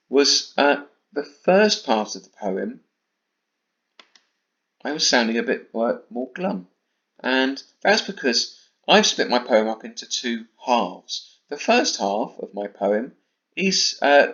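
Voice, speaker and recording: An English man teaching a primary school class, speaking in an even mid-range voice. He takes his time, pausing deliberately between phrases. The recording sounds slightly dull and lo-fi. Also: mid-range voice. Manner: slow, careful delivery with deliberate pauses. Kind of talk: recorded home-learning lesson.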